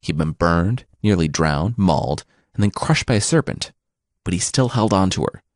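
A man narrating myths for a podcast with wry, deadpan asides. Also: low-pitched, moderate pace, dry recording, clean studio sound. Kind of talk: comic mythology storytelling.

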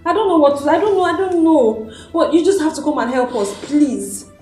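Nollywood: actress as a pleading Nigerian woman, mellow and hesitant. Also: high-pitched, brisk, soft background music, close to an everyday voice. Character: pleading woman, timid and polite. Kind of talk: Nollywood film acting.

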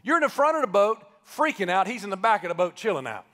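A man preaching a live sermon as pastor, conversational and joking, then building to shouted emphasis. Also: sits high, big pitch swings, fast talker. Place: church sanctuary, live service. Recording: live church with long reverb.

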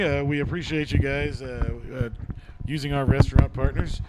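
A man's voice: mid-range voice, steady tone, normal speed, crowd noise. A man hosting a casual podcast, laid-back and teasing, swearing casually. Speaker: podcast host.

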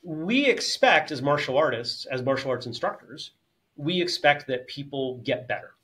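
A man's voice: on the high side, expressive, moderate pace, a bit bright. A man co-hosting a martial arts podcast, talking things through in long, thoughtful sentences with frequent restarts. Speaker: podcast co-host. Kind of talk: casual podcast conversation.

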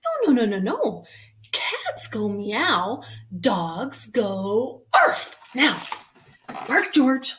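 A scolding, exasperated mother dog from a children's storybook, as a woman reading aloud puts her on. Her voice jumps up high and gets loud as she insists, with the steady tempo of a read-aloud. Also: very slow, slight background noise, exaggerated voice. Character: George's scolding mother dog, adult female.

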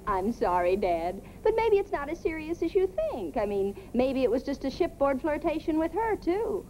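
An actress playing a quick-witted young woman who teases her father in a sarcastic 1950s sitcom style. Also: sits high, sing-song, mellow, slight background noise, rough recording. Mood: scheming. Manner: teasing, sarcastic. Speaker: daughter in a sitcom.

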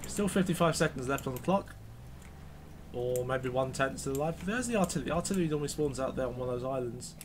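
A man's voice: mid-range voice, lively intonation, fast talker, noisy background. A man giving rambling, self-correcting commentary while reviewing a video game. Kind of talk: gameplay commentary.

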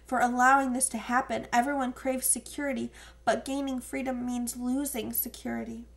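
A woman's voice: on the high side, flat delivery, moderate pace, creaky. A woman voicing a defiant teenage boy who speaks earnestly and bitterly.

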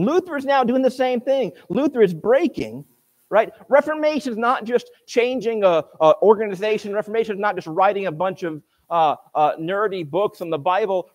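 A man preaching a conversational sermon, full of rhetorical questions and offhand asides. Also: a little high. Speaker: pastor.

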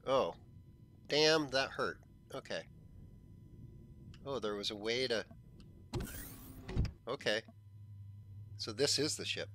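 A man hosting a gaming channel, chatting casually as he plays, thinking aloud and often clearing a frog in his throat. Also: medium pitch, animated, takes it slowly, pauses often, sharp tone. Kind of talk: casual gameplay commentary.

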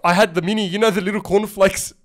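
A man's voice: high voice, quick pace, soft background music. A young adult man co-hosting a podcast, telling stories animatedly and swearing a lot. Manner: animated storytelling, heavy swearing. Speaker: podcast co-host. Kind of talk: casual chat.

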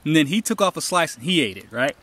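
On an outdoor trail, this hiker vlogger talks casually into a handheld camera in a sing-song voice that sits on the high side, quick-paced with a sharp, breathy edge. His delivery rambles from story to story, punctuated by emphatic bits of advice.

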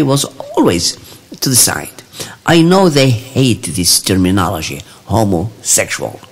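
Husky man with swooping pitch. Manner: storytelling with frequent pauses and restarts. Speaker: channel host. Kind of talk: personal anecdote monologue.

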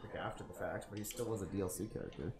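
A man's voice: low voice, rapid-fire. A man streaming a fighting game with a friend, bantering and joking sarcastically. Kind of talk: casual gaming chat. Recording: echoey room, faint background noise.

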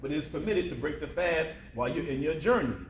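A man's voice: a little high, animated, fast, a little hiss or hum, lightly acted. A man voicing a courteous, curious male traveler in a plain questioning tone. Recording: roomy echo.

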